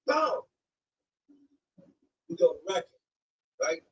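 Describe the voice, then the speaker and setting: A man's voice: fairly high pitch, moderate pace, far from the mic, highs cut off. A man telling a personal story on a stream, casual and slangy, acting out what people said. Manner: animated, slangy, acts out quoted lines.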